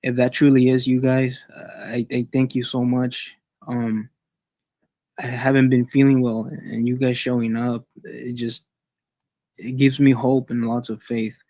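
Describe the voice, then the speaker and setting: A man sharing a personal experience as a guest on an online call, in a casual, halting way with many restarts and repeated words. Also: medium pitch, flat delivery, dark tone, no echo, highs cut off.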